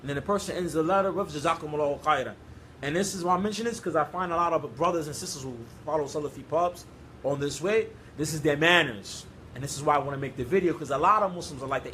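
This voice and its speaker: A man's voice: on the high side, a bit bright, a little hiss or hum, rough recording. A man giving an informal religious lecture, talking in an emphatic, repetitive, conversational way. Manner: repetitive, emphatic, conversational street-style English. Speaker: Islamic preacher.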